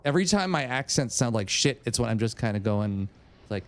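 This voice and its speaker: A man streaming a video game, trained as a voice actor, who reads item and character text with theatrical flair. Between readings he slips into loose, profane, joking asides, his pitch bouncing animatedly throughout. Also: big pitch swings, fairly quick. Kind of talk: casual livestream commentary.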